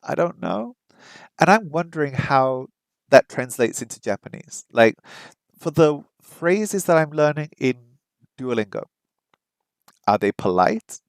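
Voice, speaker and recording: A man's voice: on the high side, big pitch swings, no room sound. Man musing aloud in a dry room. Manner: thinking aloud, musing and unsure; slow, careful practice of foreign phrases. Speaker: vlogger learning a language. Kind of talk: casual vlog commentary.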